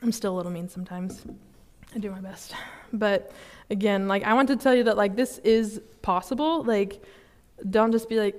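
A young woman giving a sermon at a student fellowship, casual and chatty, with many fillers and quick laughs at herself. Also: medium pitch. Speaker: student ministry speaker. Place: church service hall.

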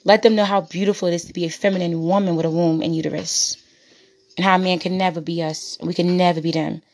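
A woman's voice: lowish voice, fairly even intonation, fast, a little mellow. Blunt, preachy woman ranting over music. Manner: preachy, blunt and profane, repeats phrases for emphasis. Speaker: podcast host. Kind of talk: impassioned monologue.

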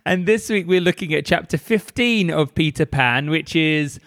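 A man's voice: on the high side, animated, normal speed, a bit bright, dry recording, studio quality. A man hosting a casual book club podcast, chatty and upbeat, laughing often. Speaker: podcast host.

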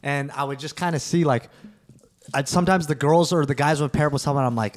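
A man in casual group conversation, his voice sitting slightly high. He rambles through long points, circling back and restarting. The feel is loose and unscripted. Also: steady tone, fast talker. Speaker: podcast co-host.

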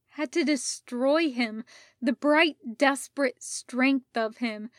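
A woman reading fan fiction aloud as an audiobook, in a measured, soft-spoken storytelling voice. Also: high voice, dry recording, clean studio sound. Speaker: audiobook reader.

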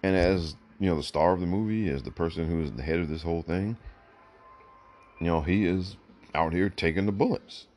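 A podcast host delivers opinionated solo commentary on his own show, blunt and emphatic, leaning on "look" again and again to hammer points home while battling the hiccups. His voice is low, brisk and darkish in tone.

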